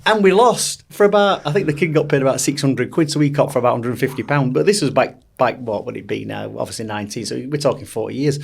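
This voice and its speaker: Gravelly man telling stories. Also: mid-range voice, fast, hardly any pauses. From Sheffield, England. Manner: rambling anecdotes with many restarts. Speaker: boxing coach, guest. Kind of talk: casual storytelling interview.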